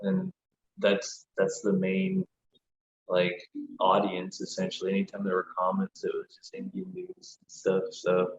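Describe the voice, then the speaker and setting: A former wrestler tells stories as a podcast guest in a lowish voice, animated, loose and full of swearing. The sound is roomy and dull, with a faint hiss behind him. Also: male voice, measured pace. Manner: animated, swears freely, lots of "like". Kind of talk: casual podcast storytelling.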